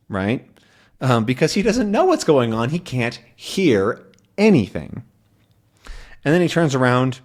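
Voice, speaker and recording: A man teaching English by explaining a comic in slow, simple words, adding sound effects as he goes. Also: medium pitch, wildly swooping pitch.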